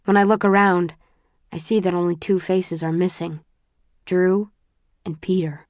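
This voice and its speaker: Woman doing first-person audiobook narration, calm and measured, lowish voice, dry close sound. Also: dry recording.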